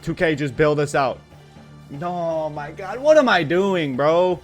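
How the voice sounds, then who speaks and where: A fairly high-voiced man commentates on his own basketball video game, swinging between excitement and exasperation as he scolds the players on screen. His talk is casual and full of slang and swearing. Faint game music plays behind him. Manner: excitable, quickly frustrated, talks to the players on screen. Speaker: gaming channel host.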